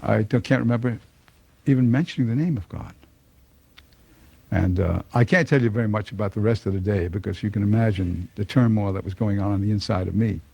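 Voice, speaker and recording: A man's voice: on the low side, brisk, gravelly, darkish tone, husky, dry recording. An older man telling a personal conversion story to an audience, folksy and chuckling often. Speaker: speaker giving a personal testimony.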